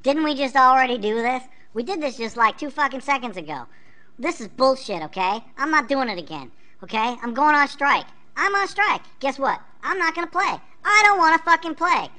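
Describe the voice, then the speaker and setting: A woman voicing an angry penguin on strike who rants, swears and shouts. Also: high voice, lively intonation, normal speed. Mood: furious. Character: furious penguin on strike, foul-mouthed.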